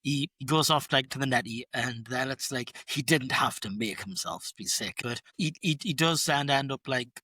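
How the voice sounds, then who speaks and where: A man co-hosting a casual film podcast, animated and playful. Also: mid-range voice, moderate pace, hardly any pauses, dry recording. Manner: animated, playful, does silly voices. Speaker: podcast co-host.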